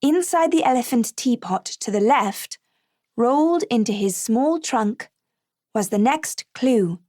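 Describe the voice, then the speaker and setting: A woman reading an audiobook aloud in clear, even scripted narration. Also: a little high, unhurried, no room sound, clean studio sound.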